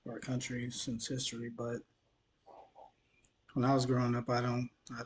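A man's voice: mid-range voice, monotone, normal speed, a little hiss or hum. Tired man rambling on a vlog. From Mississippi, USA. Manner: loose and rambling, stumbling over words. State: tired, dehydrated after the gym. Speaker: news vlogger. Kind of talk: casual commentary vlog.

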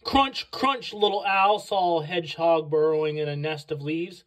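A woman reading a picture book aloud to children, slow and expressive on the sound words. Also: sits low, poor audio. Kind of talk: read-aloud storytelling for children.

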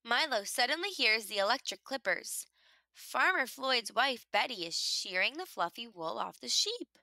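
A woman reading a children's picture book aloud in an expressive storytelling manner, making the animal sounds herself. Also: on the high side, normal speed, no echo.

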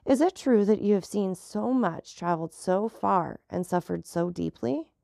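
A woman reading a sorrowful countess for an audiobook, her lines plaintive and pleading. The voice has a gravelly edge. The sound is dry and close. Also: mid-range voice, expressive, normal speed, mellow, dry recording.

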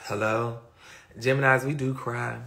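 A woman's voice: extremely low pitch, steady tone, measured pace, a bit bright. A woman hosting a casual live stream, reading viewer comments, talking bluntly and profanely with many repeated fillers. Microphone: phone or webcam on a live stream.

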